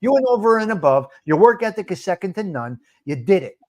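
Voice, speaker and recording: A man's voice: high voice, very animated, brisk. A male podcast host talking about working life from experience, repeating short emphatic phrases. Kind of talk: casual talk show chat.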